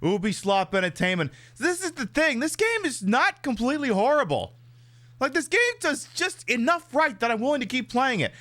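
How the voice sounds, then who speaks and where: A man with a high, bright voice chats through a game stream. He swings his pitch widely and keeps a sarcastic, cursing edge throughout. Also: moderate pace. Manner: sarcastic, profane and animated. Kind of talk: casual live-stream chat.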